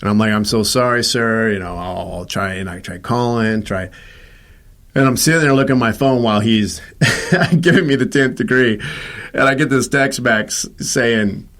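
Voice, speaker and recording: A man's voice: mid-range voice, normal speed, a bit bright. A man sharing a personal story in casual conversation, acting out the dialogue of the people in it with frequent restarts. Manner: acts out quoted dialogue, many restarts. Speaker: host telling his own story.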